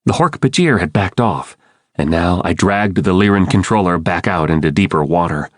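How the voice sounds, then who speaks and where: A man's voice: low-pitched, lively intonation, normal speed, no room sound. A man giving urgent, dramatic first-person audiobook narration into a close studio mic.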